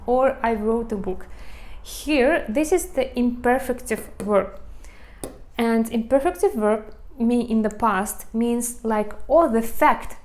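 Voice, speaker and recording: A woman's voice: fairly high pitch, slow pace. A woman with a Russian accent teaching a language lesson online, explaining step by step with frequent fillers and restarts.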